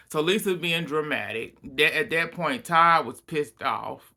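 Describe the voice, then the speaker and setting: A man giving a casual recap of a reality TV episode, acting out what people said with lots of laughter and sudden loud outbursts. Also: fairly high pitch, measured pace. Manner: animated storytelling, acting out quotes, frequent laughter and outbursts.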